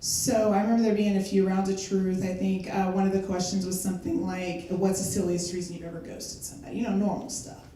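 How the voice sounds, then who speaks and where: A woman's voice: mid-range voice, level tone, fast, few pauses, mellow, a little hiss or hum. An older woman doing a stand-up comedy set, telling stories conversationally with fillers and laughter. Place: live comedy venue. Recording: echoey venue from far off.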